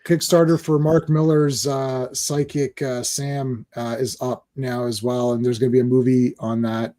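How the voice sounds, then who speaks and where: A man co-hosting a casual film chat, laughing often and rambling through halting restarts. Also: medium pitch, little pitch movement, dark tone. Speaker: podcast co-host. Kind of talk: casual chat about films.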